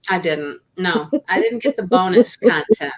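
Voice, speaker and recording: A woman's voice: fairly low pitch, expressive, normal speed. A woman hosting a live book discussion, chatty and greeting viewers by name. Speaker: book club host. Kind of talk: casual live-stream chat.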